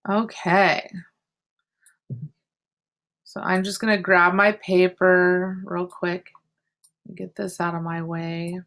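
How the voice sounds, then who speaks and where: A woman's voice: lowish voice, little pitch movement, takes it slowly, long pauses, fairly bright tone. A woman art teacher teaching an online class from home over a computer mic, explaining step by step with chatty asides. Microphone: computer mic on a video call.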